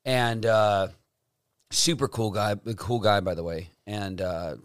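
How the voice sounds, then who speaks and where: A man co-hosting a podcast, telling stories loosely and with plenty of swearing. His voice sits low, and the dry, close recording has no room sound around it. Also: unhurried, smooth, no room sound. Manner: profane, animated storyteller. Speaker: podcast co-host. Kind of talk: casual chat.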